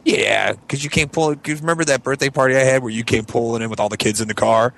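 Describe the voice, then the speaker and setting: A man's voice: mid-range voice, fast, creaky. A man co-hosting a casual podcast chat, telling stories with laughter and swearing. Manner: laughing storyteller, animated, swearing. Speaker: podcast co-host.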